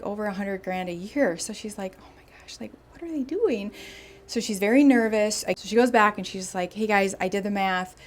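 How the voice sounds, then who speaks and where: A young woman hosts a podcast in a casual, storytelling way. She is animated and chatty, and she slips into voices for the people she quotes. Her pitch is mid-range for a woman. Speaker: podcast host.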